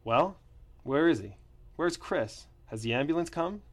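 A man doing a gruff, crude boss. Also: lowish voice, lively intonation, moderate pace. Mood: irritated.

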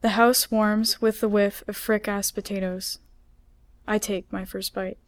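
A woman author reading her own story aloud in a measured, unhurried way. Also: mid-range voice, flat delivery. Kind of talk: literary reading.

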